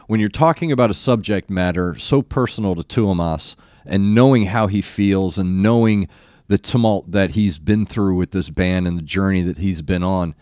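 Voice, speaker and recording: An older man, a former rock radio DJ, hosting a reaction video, effusive and earnest, often halting and restarting his sentences. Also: deep voice, a little mellow, no room sound, clean studio sound. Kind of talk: reacting to a live concert video.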